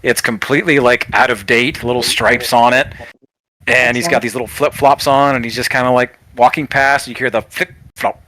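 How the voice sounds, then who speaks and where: Man, game master, tabletop game narration, bright forceful voice, dry close mic, rambling fillers. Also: mid-range voice, steady tone, a little fast, no echo. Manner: rambling vivid description with many fillers. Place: online voice call.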